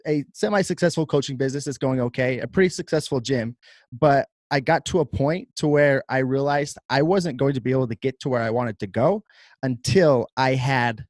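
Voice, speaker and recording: A man's voice: medium pitch, a little fast, dry recording, clean studio sound. A man who owns a gym and coaches, talking candidly and earnestly in a casual podcast chat. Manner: candid and earnest, restarts often.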